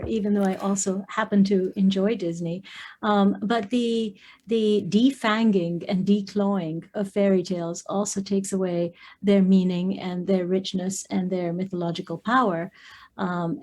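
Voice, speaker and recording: A woman co-hosting a casual panel discussion, speaking in a reflective, measured way. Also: medium pitch, mellow. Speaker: therapist co-host.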